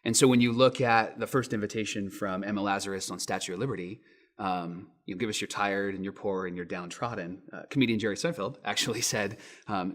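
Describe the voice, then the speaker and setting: Guy pastor in his 30s preaching, tells stories, does the voices loud. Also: fairly low pitch, fairly quick. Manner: animated storytelling, acts out quotes in raised voices. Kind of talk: sermon.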